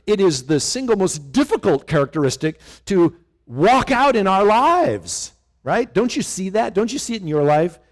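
A man's voice: sits high, moderate pace. A middle-aged male pastor preaching a conversational sermon, often asking his listeners questions. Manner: animated, conversational, asks the congregation questions.

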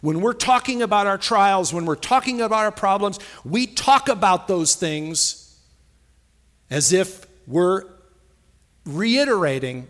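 Emphatic preaching man, slightly high. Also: animated, fairly bright tone. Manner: emphatic, drawn-out stresses; repeats phrases for emphasis. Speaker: pastor. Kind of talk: sermon.

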